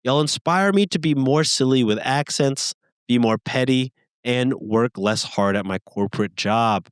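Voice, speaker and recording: A man co-hosting a podcast, casually reading listener messages aloud with lively, rising emphasis. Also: medium pitch, unhurried, clean tone, no room sound.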